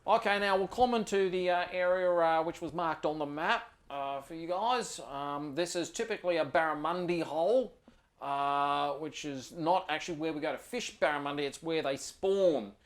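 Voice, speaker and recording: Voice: medium pitch, moderate pace, voice pushed up, close to an everyday voice. A game master voicing a laid-back, prankish male ranger with an Australian accent and a drawling way of talking. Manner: drawling, prankish, says mate.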